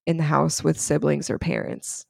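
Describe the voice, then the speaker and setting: A woman in her thirties co-hosting a podcast, chatting casually and telling lively stories about parenting a child with diabetes. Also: sits low, moderate pace, vocal fry, no room sound, studio quality. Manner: chatty, animated storytelling. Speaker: podcast co-host. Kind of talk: casual chat.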